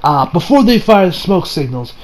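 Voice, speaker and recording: A man giving a casual anime episode review, excitable and swearing, recapping scenes with mock quotes. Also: high-pitched, normal speed, rough recording.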